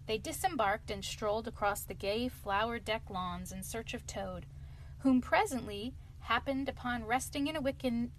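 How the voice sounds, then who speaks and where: A woman hosting a bedtime story show, reading aloud in a gentle, expressive way. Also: on the high side, a little hiss or hum. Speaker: storyteller host.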